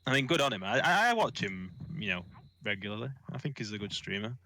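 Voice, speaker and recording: A man's voice: lowish voice, big pitch swings, fast, sharp tone. A man from the UK co-hosting a casual podcast livestream, rambling and self-mocking with some swearing. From United Kingdom. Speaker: podcast co-host.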